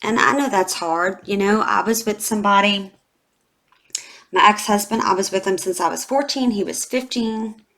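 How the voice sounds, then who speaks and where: A woman's voice: mid-range voice, normal speed, fairly bright tone. Woman, forties, tarot reader; candid and emotional, talks straight to her viewers with many fillers. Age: 40s. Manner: heartfelt, confiding, with many fillers. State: emotional, near tears. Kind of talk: emotional tarot reading vlog.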